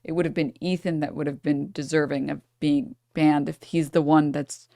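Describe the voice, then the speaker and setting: A woman's voice: sits low, flat delivery, moderate pace, gravelly, dark tone. A woman streamer gives casual reaction commentary to her chat. Her tone is sarcastic and exasperated, and she often slides into mockery. The sound is close and dry, with no room echo.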